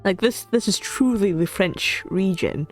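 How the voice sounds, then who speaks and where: Excitable woman streamer reacting. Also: mid-range voice, measured pace, soft background music. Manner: excitable, chatty, stumbles and repeats. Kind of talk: casual gameplay reaction.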